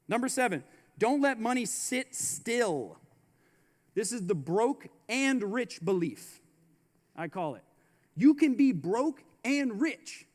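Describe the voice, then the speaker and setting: A man with a high voice delivers a motivational business keynote in a large conference hall, and his words ring out with a long reverb. He presses his points hard, repeats his catchphrases and tosses in casual slang between them. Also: very animated, measured pace. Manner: emphatic, repeats slogans, slangy asides. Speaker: keynote speaker.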